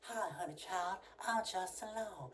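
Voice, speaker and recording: A hushed, breathy small-town mayor , put on by a man, drawls in a soft southern accent. The voice sits well above the speaker's own, quiet and unhurried. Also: high-pitched, slight background noise, voice pushed up. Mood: syrupy. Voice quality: soft-spoken, breathy hush.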